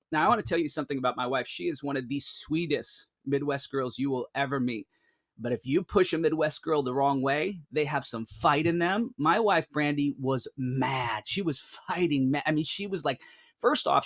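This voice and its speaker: A man in his thirties telling a group an earnest personal story, animated and full of restarts and "like". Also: fairly high pitch, moderate pace, no room sound, clean studio sound. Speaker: speaker.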